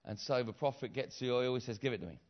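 A middle-aged man preaching with lively storytelling, slipping into character voices and building to loud repeated cries. His voice sits in an ordinary middle pitch. The recording sounds a little dull and lo-fi. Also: quick pace. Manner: animated storyteller acting out voices, repeats phrases, builds to shouts. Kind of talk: sermon storytelling.

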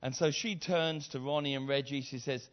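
Animated preacher telling a story. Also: male voice, mid-range voice, normal speed. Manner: animated storyteller acting out voices, repeats phrases, builds to shouts. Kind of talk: sermon storytelling. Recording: slightly dull lo-fi sound.

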